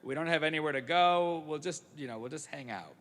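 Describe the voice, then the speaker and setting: A man voicing a calm, carefree young woman with a soothing, relaxed manner. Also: a little high, brisk, natural voice. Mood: laid-back. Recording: echoey sanctuary.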